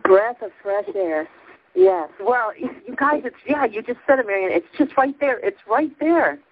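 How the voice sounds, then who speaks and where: High excited lady calling in, laughing, shaking with emotion, swoops all over, phone line sound. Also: moderate pace, a little hiss or hum. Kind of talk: spiritual call-in chat. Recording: tinny phone line, dry.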